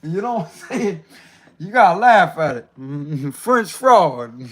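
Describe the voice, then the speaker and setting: A man's voice: fairly high pitch, sing-song, slow, a bit bright. A man doing a casual livestream tarot reading, slangy and laughing often as he talks to viewers. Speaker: tarot reader.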